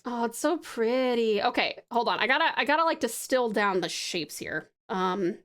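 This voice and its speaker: A high-pitched Australian woman chats on a live stream, her voice leaping up and down with energy. She is affectionate and gushing, drops the odd swear word, and laughs easily. She rambles along casually while she sketches. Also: animated, moderate pace, fairly bright tone. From Tasmania, Australia. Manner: bubbly and affectionate, swears freely, laughs often.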